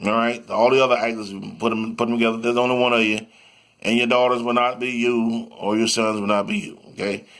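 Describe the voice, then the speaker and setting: A man's voice: medium pitch, little pitch movement, a little fast, fairly bright tone. A man giving a rambling motivational monologue, repeating himself and sometimes breaking into sing-song chanting.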